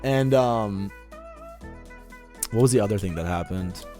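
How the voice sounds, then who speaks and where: A man's voice: on the low side, measured pace, dark tone, faint music behind. A young adult man streaming a game and telling a story in a casual, profane, rambling way. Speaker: gaming streamer. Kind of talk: casual storytelling while gaming.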